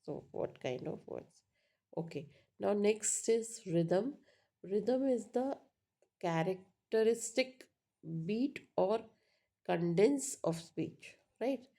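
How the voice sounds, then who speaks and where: Woman, teacher, unhurried lecture, low mellow tone with some gravel. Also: animated. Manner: explains slowly, repeats words, checks with "right?". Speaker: English teacher. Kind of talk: online lecture.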